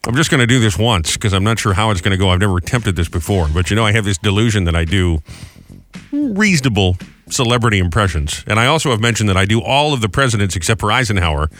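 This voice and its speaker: Bright-voiced radio morning host. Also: male voice, fairly low pitch, very animated, fast, faint music behind. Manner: upbeat, jokey and self-mocking. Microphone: studio microphone.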